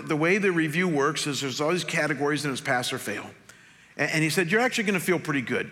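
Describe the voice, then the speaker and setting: A man pastor, telling a personal story in a sermon and acting out the quotes. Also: on the high side. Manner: animated storyteller, acts out quotes. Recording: long hall reverb.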